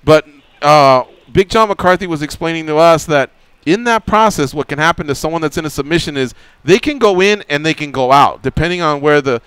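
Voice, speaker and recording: Smooth-voiced radio host, measured. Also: male voice, a little high, expressive, a bit bright, no echo. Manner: measured, explanatory, careful framing. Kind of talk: radio interview.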